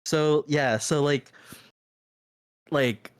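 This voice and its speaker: A man's voice: on the high side, drawn-out words, clear, resonant tone. Rambling earnest young man on a call. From Filipino family, raised in the US. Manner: earnest, rambling, many fillers. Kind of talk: casual group chat.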